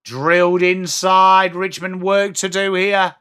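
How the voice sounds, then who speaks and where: An English man with a high, bright, sharp-edged voice hosts a live watch-along stream. He calls the play as it happens, then drops into chatty replies to his viewers. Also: animated, normal speed. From England. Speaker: livestream host.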